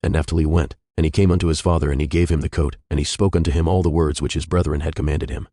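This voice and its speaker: A man reading scripture aloud as scripted narration, in a steady, solemn manner. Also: rumbling low, quick pace, no room sound, clean studio sound. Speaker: scripture reader.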